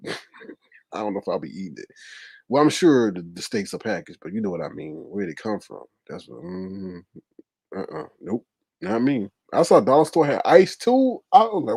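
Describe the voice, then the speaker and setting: Animated, lively-voiced male stream host. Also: mid-range voice, vocal fry, dry recording. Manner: animated, laughing, exclaiming. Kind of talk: casual live stream chat.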